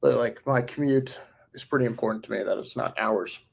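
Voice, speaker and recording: A man's voice: medium pitch, brisk, vocal fry, slightly rough. A man in his forties talking casually on a live stream, answering viewer comments in a rambling way with fillers and chuckles. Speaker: livestreamer reading viewer comments.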